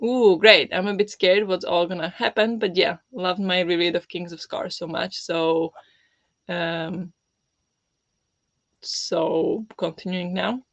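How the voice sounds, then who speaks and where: A livestream host chatting casually with viewers, speaking softly and holding the voice low because of a sore, swollen throat. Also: fairly even intonation, unhurried, no echo, dull audio. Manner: talking softly with a held-back, lowered voice. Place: home.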